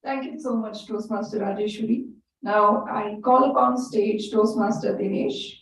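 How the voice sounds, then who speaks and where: A woman briskly hosting an online club meeting, formally calling speakers up. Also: medium pitch, fairly even intonation. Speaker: meeting host. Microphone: video call. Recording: very echoey, distant, faint background noise.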